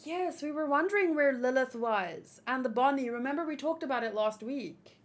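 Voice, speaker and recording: A woman's voice: sits high, moderate pace. A woman hosting a manga read-along, chatting casually with playful, sarcastic asides.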